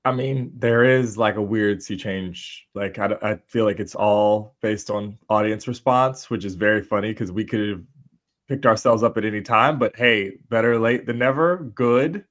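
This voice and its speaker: A man's voice: on the low side, moderate pace, a bit bright, highs cut off. A man co-hosting a live show, chatting with wry, laid-back humor. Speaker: co-host. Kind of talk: casual live-show chat.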